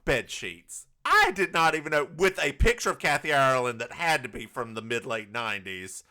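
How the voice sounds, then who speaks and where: A man's voice: medium pitch, very animated, moderate pace, sharp tone. A man with a Southern US accent co-hosting a podcast, recapping a TV episode in campy, teasing banter. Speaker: podcast co-host. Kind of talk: casual comedic recap chat.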